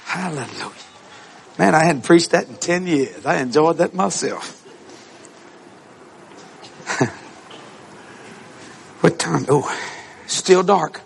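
A male preacher delivering an animated storytelling sermon to a congregation, acting out voices and breaking into shouts and laughter. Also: a little high, slow, creaky, long pauses, a faint crowd, slight background noise. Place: church service with congregation.

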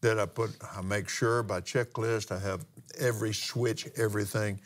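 An older man, a minister telling a testimony story in a folksy, drawn-out way with pauses and restarts. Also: on the low side, steady tone. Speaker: minister and pilot. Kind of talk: storytelling testimony in a broadcast talk.

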